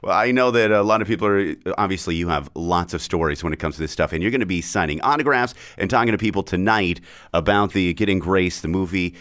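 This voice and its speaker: A man hosting a casual interview, dropping quick interjections and setting up the guest's topics. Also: sits low, a bit bright. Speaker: interview host.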